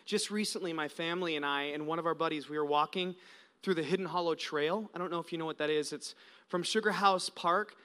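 An American man in his thirties, a pastor preaching a sermon with animated storytelling that swings between loud and hushed. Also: fairly high pitch, brisk, clean tone.

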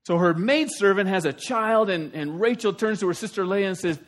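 A middle-aged man preaching a sermon, telling the story in a folksy, animated way with sudden loud outbursts. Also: sits high, brisk, hardly any pauses. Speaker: pastor.

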